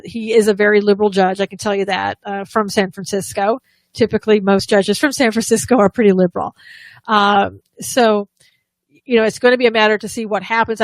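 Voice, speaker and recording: A woman's voice: mid-range voice, dry recording. A woman co-hosting a live political talk show, giving opinionated commentary with frequent restarts and sarcastic asides.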